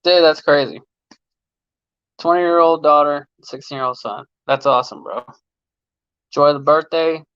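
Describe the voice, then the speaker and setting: A man's voice: on the high side, steady tone, moderate pace, gravelly, pauses often, fairly bright tone, smooth, no echo, dull audio. Slangy, laid-back man on a livestream. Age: late 30s. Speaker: livestream host and mechanic. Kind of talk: casual livestream chat reading viewer comments. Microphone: phone.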